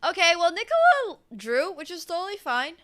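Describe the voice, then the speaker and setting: A woman's voice: very high-pitched, very animated, moderate pace, fairly bright tone. A woman in her twenties commentating chess on a live stream in a casual, chatty way, humming and laughing between remarks. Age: 20s.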